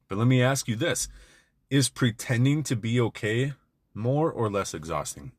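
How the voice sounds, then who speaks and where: A man's voice: medium pitch, normal speed, dry recording, clean studio sound. A man giving an intense, blunt motivational monologue to other men, peppered with swearing. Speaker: men's self-help speaker.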